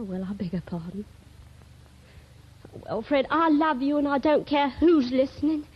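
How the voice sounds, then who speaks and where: An actress playing a young woman on the telephone to her sailor sweetheart, clingy and jealous, chattering breathlessly in a 1930s radio comedy. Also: a little high. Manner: breathless one-sided phone chatter, fretful and pleading. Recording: dull old radio archive recording.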